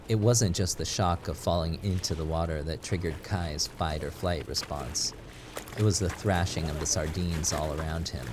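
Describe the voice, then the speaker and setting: A man reading a scripted story as narrator, in a steady, measured way. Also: sits low. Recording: audible background noise.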